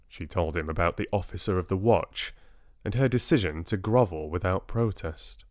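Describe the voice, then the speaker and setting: A British man narrating an audiobook calmly, in a measured storytelling manner, close to the mic. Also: deep voice, no echo.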